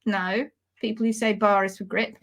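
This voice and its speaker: A woman teaching hoof care in a live demonstration, explaining with animated, playful storytelling. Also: medium pitch, normal speed.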